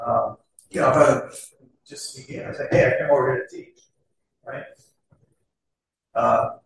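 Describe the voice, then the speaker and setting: Earnest middle-aged preacher in an echoey hall. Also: male voice, medium pitch, vocal fry, a little hiss or hum. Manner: earnest, conversational with frequent fillers; slows and stresses scripture words. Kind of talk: sermon. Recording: echoey hall, distant mic.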